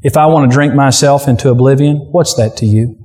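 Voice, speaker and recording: A man's voice: mid-range voice, fairly quick, mellow, big-room sound, lightly acted. A preacher voicing a careless, defiant man who rejects responsibility for others. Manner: dismissive, defiant.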